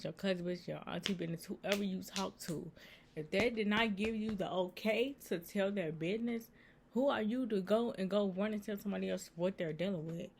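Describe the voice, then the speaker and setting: A woman's voice: medium pitch, fairly quick, creaky, slight background noise. A woman giving earnest, repetitive faith advice in a casual vlog, talking straight to her viewers. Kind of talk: casual Christian encouragement vlog.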